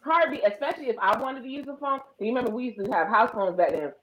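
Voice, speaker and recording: A woman co-hosting a casual chat, telling animated stories and acting out both sides of phone calls. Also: a little high, quick pace, reverberant, a little hiss or hum, poor audio. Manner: animated storyteller, acts out phone calls in other voices. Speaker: podcast co-host.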